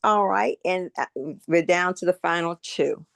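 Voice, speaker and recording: A woman hosts a podcast and runs through a speed round of questions with upbeat encouragement. Her voice sits a little low, and the recording is dry and close. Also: unhurried, vocal fry, dry recording. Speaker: podcast host. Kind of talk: casual podcast interview.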